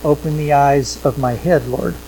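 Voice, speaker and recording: A male pastor preaching a sermon in a church, conversational, repeating phrases for emphasis and swinging between loud points and quiet asides. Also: fairly high pitch, steady tone, normal speed, slight background noise, poor audio. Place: church sanctuary with projection screens.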